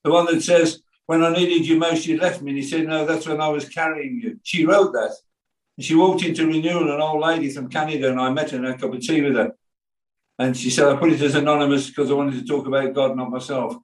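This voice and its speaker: Older Birmingham pastor preaching in an echoey room. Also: male voice, a little high, fairly quick, recorded from a distance. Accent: Birmingham English. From England. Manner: animated storytelling with quoted voices and asides. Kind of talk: sermon.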